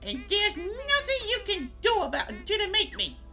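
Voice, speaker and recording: A commentator voicing a defiant little kid in a game with a squeaky, whiny voice. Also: wildly swooping pitch, moderate pace, exaggerated voice.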